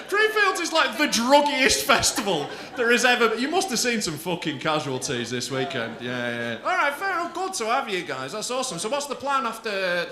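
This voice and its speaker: A brash comedian teasing the front row, his high voice leaping around with bursts of swearing. It is recorded on a comedy club stage, and the room rings with crowd laughter. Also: reverberant. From England. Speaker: stand-up comedian. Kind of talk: crowd work stand-up.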